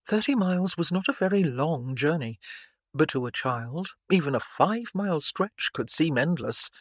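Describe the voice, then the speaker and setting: A man narrating an audiobook in a measured, even reading style. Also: fairly high pitch, dry recording. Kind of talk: scripted narration.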